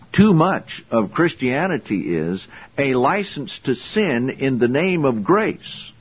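Husky preacher guy, lively swooping voice, blunt and confrontational, kinda dull lo-fi recording. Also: medium pitch. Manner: emphatic, confrontational, rhetorical questions. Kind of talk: sermon, Bible exposition.

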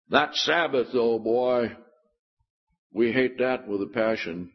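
A man preaches slowly in a husky voice, leaning on emphatic points and sarcastic rhetorical questions. His Bible teaching comes through a dull, lo-fi recording. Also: medium pitch.

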